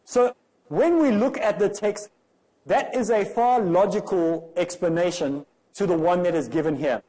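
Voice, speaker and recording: A man delivers a comparative religion lecture, pressing his points with rhetorical questions. His voice sits somewhat high for a man but sounds warm and mellow rather than bright. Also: a little slow, rough recording. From South Africa. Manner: rhetorical, emphatic, many questions.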